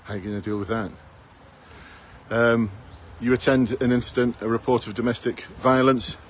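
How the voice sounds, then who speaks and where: A man's voice: medium pitch, steady tone, moderate pace, slight background noise, rough recording. A man in his fifties, a police recruitment coach giving blunt, challenging advice full of rhetorical questions, recorded outdoors in a town. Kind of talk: direct advice to camera.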